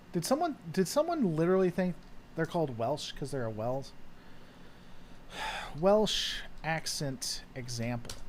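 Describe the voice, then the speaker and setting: A man's voice: on the high side, a little hiss or hum. A man hosting a casual chat, answering viewer questions in a rambling way with lots of fillers. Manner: rambling, with frequent fillers and trailing thoughts. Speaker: host.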